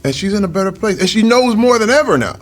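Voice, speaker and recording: A man's voice: sits high, animated, fast. Earnest man telling stories over a meal. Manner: earnest, reflective storytelling. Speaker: interview guest. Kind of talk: casual interview over a meal.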